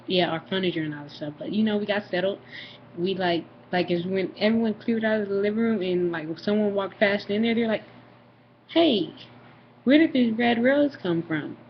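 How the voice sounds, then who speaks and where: A young woman talks straight to the camera in a loose, rambling vlog, stacking up fillers and acting out what her family said. Her voice sits at an ordinary pitch for a woman. It comes through a slightly dull, lo-fi home recording with a faint hiss underneath. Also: brisk. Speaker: vlogger. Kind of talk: casual storytelling to camera.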